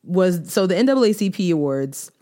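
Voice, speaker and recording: A lower-pitched woman with co-hosts a casual chat. She teases her friend and leans into the playful moments, dragging out words when she makes a point. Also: animated, mellow. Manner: playful, teasing, drawn-out emphasis. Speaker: podcast co-host.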